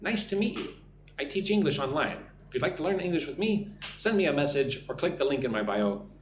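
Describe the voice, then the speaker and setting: A man from the United States teaching an English lesson on a live stream, speaking slowly and clearly for learners. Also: fairly high pitch, lively intonation, echoey room, a little hiss or hum. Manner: slow, clear drill phrasing for learners.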